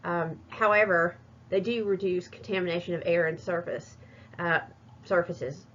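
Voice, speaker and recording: A woman's voice: on the low side, steady tone, normal speed, a bit bright, a little hiss or hum. Hesitant woman presenting. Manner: hesitant, many fillers and restarts. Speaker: student presenter. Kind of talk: recorded class presentation. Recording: muffled lo-fi recording.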